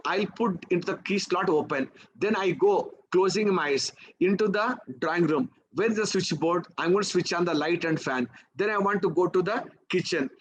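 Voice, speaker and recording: A man with an Indian English accent leads a live teaching session, his voice sitting noticeably high. He talks the class through exercises with a stream of rhetorical questions, tagging lines with "okay?" and "right?" to keep them with him. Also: slightly rough, highs cut off. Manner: coaxing, peppers talk with "okay?" and "right?". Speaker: memory trainer.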